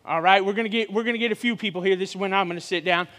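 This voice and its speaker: A man in his forties, a guest preacher, giving a sermon with lively joking banter with the congregation. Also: high voice, racing, big-room sound. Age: 40s. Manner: joking, energetic crowd banter. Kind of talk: sermon with audience interaction. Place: church hall.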